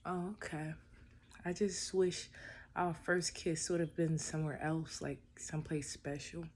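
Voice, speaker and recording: A man voicing a shy young woman who speaks in a soft, sleepy murmur in a spoken love story. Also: on the high side, fairly even intonation, unhurried, a little hiss or hum, natural voice. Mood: wistful.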